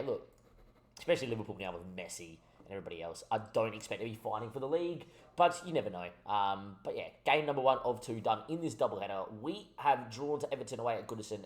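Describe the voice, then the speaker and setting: A man giving casual commentary on his football management game, a little tipsy from wine, switching between excitable mock match calls and chatty asides. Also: on the low side.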